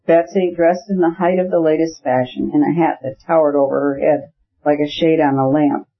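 A man narrating a classic novel in an audiobook, with a measured, even reading. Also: fairly high pitch. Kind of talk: scripted narration. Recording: dull lo-fi audiobook recording.

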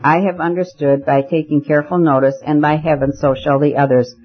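A man voicing a stern, excitable gentleman who speaks in a grave, declamatory way, on a muffled recording. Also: a little high, a little fast, close to an everyday voice. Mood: impassioned.

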